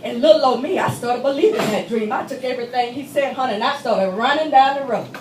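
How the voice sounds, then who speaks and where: A woman performs a dramatic monologue, telling her story emphatically and addressing listeners like friends. Her high voice rings around a reverberant church hall, captured from a distance with faint ambience underneath. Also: fast, background noise. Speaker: stage performer. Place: church meeting room.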